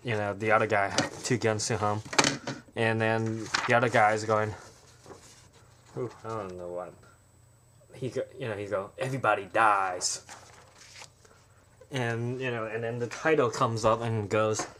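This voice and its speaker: A man who is an amateur filmmaker, pitching a trailer in a loose, rambling way. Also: noisy background. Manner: rambling, full of fillers and restarts.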